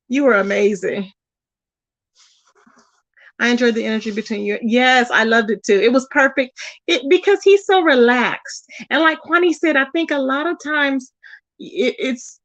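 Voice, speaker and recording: A woman's voice: sits high, dry recording. A woman hosting a casual live stream, chatting animatedly with her viewers and reading their comments aloud. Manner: chatty and animated, talks to chat, says "child" and "y'all". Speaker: YouTube live host.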